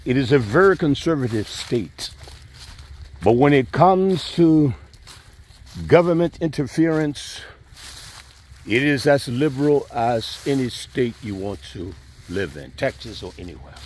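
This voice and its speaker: A man's voice: medium pitch, expressive, measured pace, a little mellow. A middle-aged man, a community leader, leading an enthusiastic walking tour outdoors on rural land and repeating himself as he goes. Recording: faint outdoor background noise.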